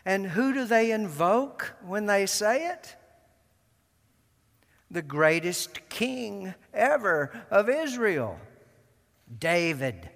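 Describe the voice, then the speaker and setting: A man preaching in a large church, his voice high for a man and his delivery slow. He dwells on single words with deliberate, emphatic repetition. The long reverb of the sanctuary trails after each phrase. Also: sing-song, creaky, a bit bright. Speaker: pastor. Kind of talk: sermon.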